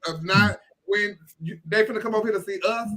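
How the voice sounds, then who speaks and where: Casting: high, bright male co-host, blunt and profane. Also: a little fast. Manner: blunt, animated, profane storytelling. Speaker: podcast co-host. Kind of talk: casual chat.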